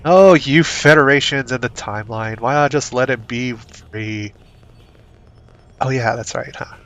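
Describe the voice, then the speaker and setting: A man streaming a game, chatting casually, reacting excitedly and reading game text aloud. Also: mid-range voice, a little slow. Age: adult, not young. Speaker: gaming streamer. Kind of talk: casual let's-play commentary.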